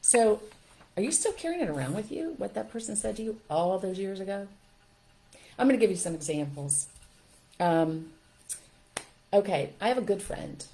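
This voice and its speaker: A woman's voice: medium pitch, normal speed, pauses often. An older woman hosting a parenting show, telling stories to her listeners in a casual, emphatic way. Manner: storytelling, emphatic, expressive.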